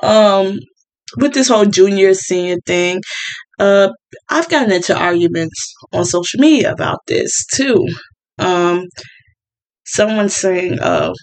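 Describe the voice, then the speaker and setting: A woman's voice: medium pitch, animated, measured pace, long pauses, low-quality recording. Woman host, casual opinionated monologue, filler-heavy. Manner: chatty, opinionated, many fillers and restarts. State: partly deaf.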